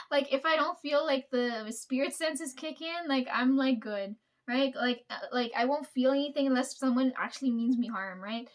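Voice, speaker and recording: Young woman, high voice; loose, profane storyteller who laughs often. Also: moderate pace. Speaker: vlogger. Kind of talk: casual storytelling.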